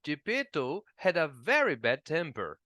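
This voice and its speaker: Slow, expressive male storyteller. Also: a little high, dry recording, clean studio sound. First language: Portuguese. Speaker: English teacher reading an audiobook. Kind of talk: storybook narration.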